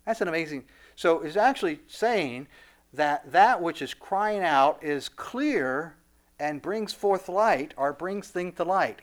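A male preacher delivering a sermon in a somewhat higher voice, hammering his points by repeating phrases. He trips over restarts and fillers as he goes. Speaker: pastor.

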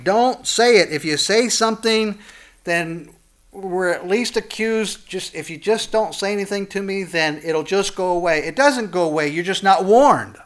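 A pastor delivering a sermon and reading scripture, impassioned, his voice climbing high and loud on warnings and then dropping low and soft. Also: normal speed.

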